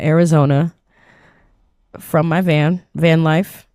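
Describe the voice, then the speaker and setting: A woman's voice: low-pitched, steady tone, measured pace, a little mellow, no echo, studio quality. A woman hosting a casual solo podcast from inside her van, rambling loosely and swearing freely in a groggy morning voice. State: groggy morning voice, short on sleep. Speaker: podcast host.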